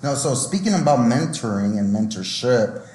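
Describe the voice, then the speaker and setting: A man hosting a casual interview podcast, a lively storyteller who laughs often, recorded in an echoey indoor room. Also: mid-range voice, normal speed. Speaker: podcast host and recruiter.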